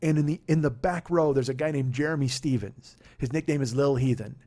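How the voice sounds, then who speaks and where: A man in his forties hosting a podcast, telling a story in a casual, profane, animated way and laughing at his own retellings. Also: medium pitch, brisk. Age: 40s. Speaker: podcast host.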